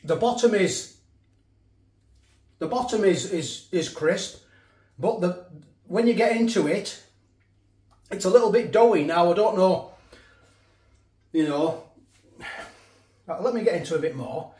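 A man's voice: sits high, lively intonation, a little slow, pauses often, warm tone. Middle-aged man, casual food reviewer, rambles, talks while eating, roomy echo. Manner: rambling, repeats himself, talks with mouth full. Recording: echoey room.

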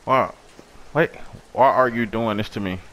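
A young man giving profane, excitable commentary while playing a horror game. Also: on the low side, unhurried, slight background noise. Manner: profane, loud outbursts at the game. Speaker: gaming YouTuber.

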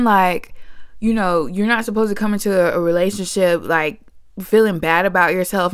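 A young woman talks straight into the camera, sassy and opinionated as she reacts to a clip. She sits at a middle pitch, and her voice sounds close and dry, with almost no room around it. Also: smooth, no room sound. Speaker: commentary creator. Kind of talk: reaction commentary vlog.

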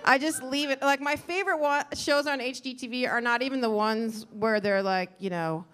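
A woman's voice: sits high, a little fast, a bit bright, clean tone. A middle-aged woman doing a stand-up comedy set on a club stage, rambling and self-deprecating, acting out quotes. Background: audience laughter.

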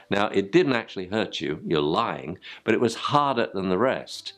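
A man's voice: sits low, animated, normal speed, faint music behind. An older man, teaching dog training informally and acting out yelps and spoken commands to dogs.

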